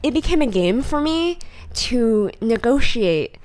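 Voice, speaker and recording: A young woman co-hosting a podcast, telling a story in a casual chat with lots of laughter and lively acted-out quotes. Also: a little high, unhurried. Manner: animated storyteller, acts out voices, laughs often. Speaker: podcast co-host.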